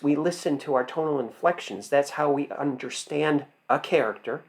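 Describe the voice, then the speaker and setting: Emphatic male acting coach. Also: mid-range voice. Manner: emphatic, fires rhetorical questions and answers them. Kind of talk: instructional talk to camera.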